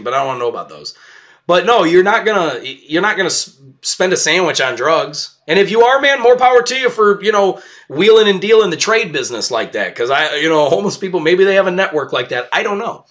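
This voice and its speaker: A young man hosting a podcast, telling a rambling story in a casual way and laughing at it. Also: on the high side. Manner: rambling, animated, laughs at his own story. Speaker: podcast host.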